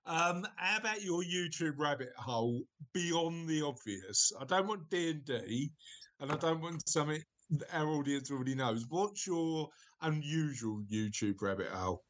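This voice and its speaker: A man's voice: fairly high pitch, lively intonation, normal speed, fairly bright tone. A middle-aged man hosting a podcast in casual chat, teasing his guests and steering a game. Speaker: podcast host.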